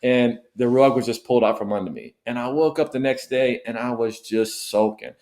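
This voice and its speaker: A man's voice: medium pitch, fairly quick, a little mellow. A middle-aged man, a missionary guest, telling an emotional personal story in a podcast interview, earnest and often repeating himself.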